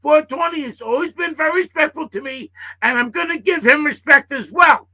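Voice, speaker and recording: A man's voice: very high-pitched, a little fast, pushed and bright, poor audio. A man on a live panel, talking in a heated way, repeating himself and swearing. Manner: repetitive, heated, profane. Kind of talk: heated live-stream chat.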